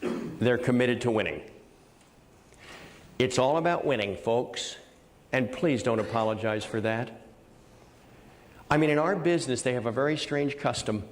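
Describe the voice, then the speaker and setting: An older man on stage delivering a motivational keynote at a middle pitch. He tells stories with energy and drives his points home through repeated words. His delivery stays lively and direct. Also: a little slow, pauses often, long reverb tail. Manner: energetic storyteller with punchy repetition. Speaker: motivational speaker. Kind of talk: keynote speech.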